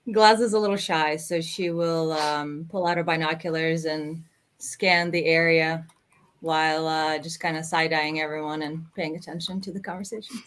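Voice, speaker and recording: A woman's voice: sits low, fairly even intonation, measured pace, fairly bright tone, clean tone. A woman playing a tabletop role-playing game, talking in a chatty, playful way and laughing often. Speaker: player. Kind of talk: casual chat while playing a tabletop game.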